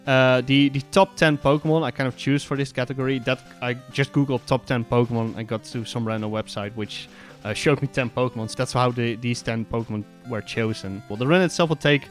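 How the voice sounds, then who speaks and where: A man's voice: mid-range voice, fairly quick, few pauses, faint music behind. A man with a Dutch accent giving casual, rambling voiceover commentary on his own gameplay run, explaining things hesitantly. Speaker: speedrunner and commentator.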